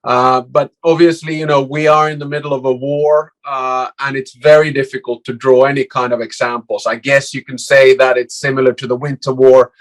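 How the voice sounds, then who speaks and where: A man from Finland, a former prime minister and professor, giving measured, explanatory interview answers. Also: medium pitch, level tone.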